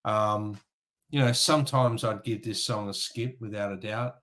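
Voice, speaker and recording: Man, low voice, co-host, casual album review, frank, hesitant. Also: moderate pace, a bit bright.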